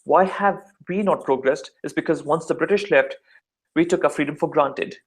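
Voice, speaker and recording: A young man from India speaks with an Indian accent and a voice a touch higher than most men's. He talks casually and animatedly in a relaxed discussion, now and then putting on voices to act out a point. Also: normal speed. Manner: animated, does mock voices to make points. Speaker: discussion participant. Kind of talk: casual chat.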